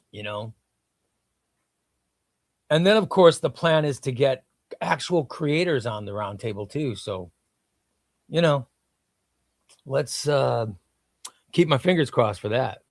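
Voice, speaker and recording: A man's voice: mid-range voice, animated, unhurried, pauses often, no room sound, clean studio sound. A man hosting a casual comics livestream, chatting loosely and reading viewer comments aloud. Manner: hypes sponsor in a shouted ad read. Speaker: livestream host.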